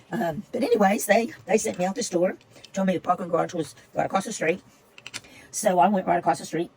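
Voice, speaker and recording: Gravelly older woman rambling. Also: fairly low pitch, a little mellow, slight background noise, poor audio. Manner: rambling, chatty, repeats herself. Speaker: paper-craft vlogger. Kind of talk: casual storytelling while crafting.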